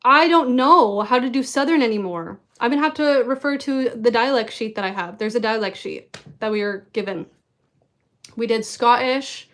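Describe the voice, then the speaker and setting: A woman's voice: a little high, brisk, fairly bright tone. A woman chatting casually in a vlog Q&A, rambling and self-deprecating, often giggling at herself. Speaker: vlogger answering viewer questions. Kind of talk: casual Q&A chat.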